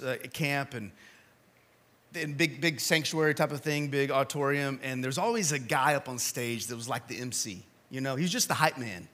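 A male pastor preaching a sermon in a church, telling stories with big swings from shouting to quiet appeals. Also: medium pitch.

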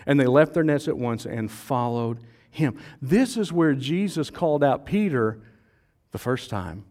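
Animated joking preacher man. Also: mid-range voice, measured pace. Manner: animated and conversational, quizzing the congregation and joking. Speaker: pastor. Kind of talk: sermon. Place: church service.

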